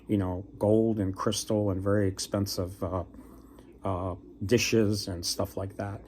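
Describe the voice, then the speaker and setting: A man casually retelling a folktale for his book vlog, halting with many pauses and restarts. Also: fairly low pitch, darkish tone. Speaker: book vlogger. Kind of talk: casual storytelling.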